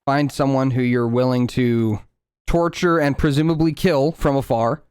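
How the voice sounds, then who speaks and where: A man's voice: mid-range voice, steady tone, moderate pace, darkish tone, clean tone, no room sound, studio quality. A man running a tabletop game as game master, narrating loosely with lots of fillers and restarts.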